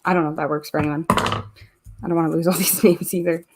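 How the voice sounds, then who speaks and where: A woman's voice: low-pitched, level tone, fast, background noise. A Canadian woman hosting a live stream, chatting casually and reading viewer comments aloud as she works. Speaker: host of a live giveaway stream.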